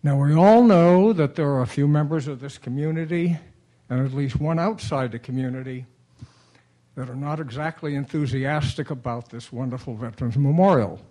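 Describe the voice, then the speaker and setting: A man's voice: medium pitch, moderate pace, warm tone. A man giving a formal, earnest public comment at a city council meeting. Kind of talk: prepared public comment speech.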